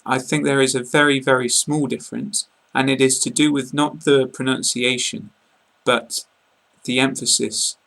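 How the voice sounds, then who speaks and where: A British man giving a casual online pronunciation lesson, speaking slowly and carefully and repeating example words. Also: mid-range voice, fairly even intonation, gravelly, fairly bright tone, rough recording. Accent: British English. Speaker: English pronunciation teacher.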